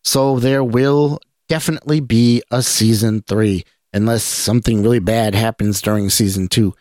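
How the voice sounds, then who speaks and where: A man hosting a geek news podcast, talking in a relaxed, rambling way with restarts. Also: fairly low pitch, moderate pace, dry recording, studio quality. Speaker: podcast host. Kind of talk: casual news roundup.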